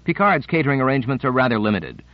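A man's voice: medium pitch, very animated, rapid-fire, no echo, lo-fi sound, lightly acted. A man reading the lines of a young tour guide who speaks with wry mock apology in an audiobook.

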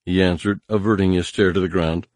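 A man narrating a story in measured scripted narration, giving harsh commanding voices to the characters. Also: low voice, fairly even intonation, darkish tone, no room sound, studio quality. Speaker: audiobook narrator.

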